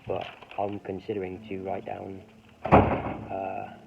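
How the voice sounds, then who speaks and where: A man's voice: deep voice, completely flat delivery, slow pace, vocal fry, heavy background noise. A man rambling in a hesitant, self-correcting monologue as he mulls over ideas for a piece he is writing. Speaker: writer thinking aloud. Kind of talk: rambling thinking-aloud monologue. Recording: muffled lo-fi recording.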